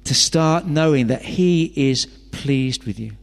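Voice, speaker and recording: A man's voice: medium pitch, slow, gravelly. Man preaching in a reverberant hall. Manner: conversational, with rhetorical questions and jokey asides. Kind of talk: sermon.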